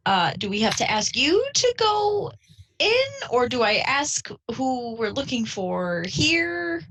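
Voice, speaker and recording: A woman's voice: high-pitched, very animated, slow, fairly bright tone. A woman playing a tabletop game, speaking hesitantly and playfully in character. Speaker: player. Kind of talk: casual tabletop role-play.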